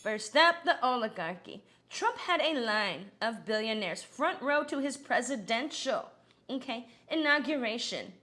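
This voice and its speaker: A woman's voice: a little high, animated, unhurried, pushed and bright, slight background noise. A woman impersonating a middle-aged female politician as a satirical news anchor, cackling with laughter between crude punchlines. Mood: joking.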